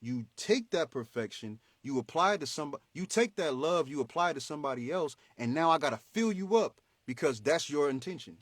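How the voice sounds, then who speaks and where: A man hosting a motivational faith talk, animated and preachy, in a slangy, conversational way. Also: a little high, fairly quick, hardly any pauses, no room sound, studio quality. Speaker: host.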